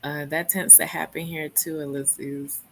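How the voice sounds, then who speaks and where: Woman host, lower register, easygoing, reads out chat comments. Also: unhurried, a little hiss or hum, low-quality recording. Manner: relaxed, reads comments aloud. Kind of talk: casual chat, reading viewer comments.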